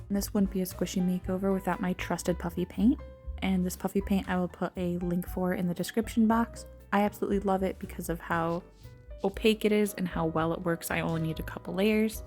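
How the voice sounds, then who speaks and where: A woman's voice: mid-range voice, warm tone. A woman narrating her craft project in a casual voice-over, chatty and self-mocking, with little laughs. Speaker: craft vlogger.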